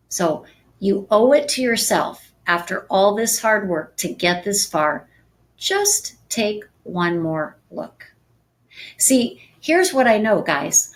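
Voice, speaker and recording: A woman real estate sales coach giving a calm, soft-spoken training talk on a live stream. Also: medium pitch, slow pace.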